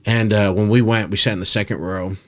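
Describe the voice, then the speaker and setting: A young man hosting a podcast, chatting casually and telling animated stories with frequent laughter. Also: fairly low pitch, a little fast. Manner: animated storyteller, laughs often. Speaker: podcast host. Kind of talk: casual chat.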